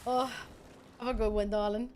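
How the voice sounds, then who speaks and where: A woman streamer giving live gameplay commentary, loud and quick to swear, often bursting into laughter. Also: medium pitch, level tone, a little hiss or hum. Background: faint game music.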